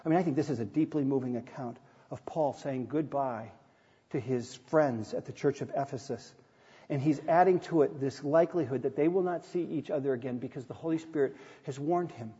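A man's voice: medium pitch, brisk, mellow, slightly rough. A middle-aged man preaching a sermon from the pulpit, reading scripture aloud and telling personal stories in an earnest way with touches of light humor. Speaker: pastor. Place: church sanctuary. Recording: dull sound with long hall reverb.

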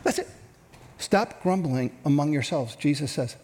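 Middle-aged guy preaching in church, fairly high voice, chatty and lively, goes quiet for emphasis. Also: measured pace. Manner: conversational and animated, drops to hushed tones for emphasis. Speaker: pastor. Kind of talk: sermon.

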